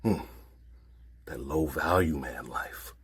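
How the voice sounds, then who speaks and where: A man's voice: extremely low pitch, slow pace, background noise. A man giving a dry, sarcastic monologue to the camera.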